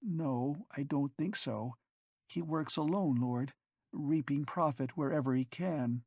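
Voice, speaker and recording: A man's voice: a little high, slow pace, darkish tone, no room sound, clean studio sound, voice pushed up. A man doing a nervous, deferential young servant. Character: timid young male servant guide.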